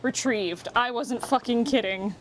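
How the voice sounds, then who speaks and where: A woman's voice: fairly high pitch, unhurried, a little hiss or hum, rough recording. Bubbly, chatty woman streaming from home. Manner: bubbly, chatty, swears casually, playful. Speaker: streamer and voice actress. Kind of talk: casual live-stream chat. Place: home, in a pouring tent and around the house. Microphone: wireless mic on a receiver.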